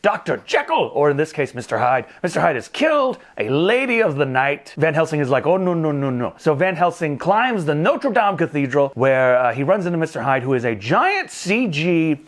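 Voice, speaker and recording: A man's voice: a little high, normal speed, hardly any pauses. A man hosting a movie review show, casually recapping a film plot with jokes and funny voices. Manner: animated, joking, acts out movie lines in funny voices.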